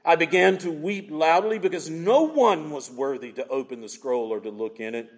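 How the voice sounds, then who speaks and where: A man preaches with a high, lively voice that swoops up and down as he presses his points with repeated questions. His words ring out with a long reverb, as if filling a big church hall. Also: normal speed. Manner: animated, emphatic preaching with repeated rhetorical questions. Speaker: pastor. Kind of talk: sermon.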